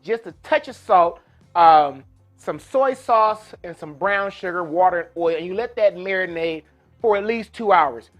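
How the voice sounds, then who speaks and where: A man hosting a live cooking demonstration in a kitchen, talking casually and folksily to his viewers. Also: high-pitched. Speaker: cooking show host. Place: kitchen with induction burner.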